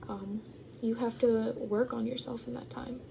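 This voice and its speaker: A young woman chats loosely to her vlog viewers, wandering from thought to thought with plenty of ums and likes. Her voice sits a bit high but has a soft, mellow tone. At times she talks through a mouthful of food. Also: steady tone, a little slow, creaky, a little hiss or hum, poor audio. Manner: rambling, full of ums and likes; talks while eating. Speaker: vlogger. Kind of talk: casual vlog chat.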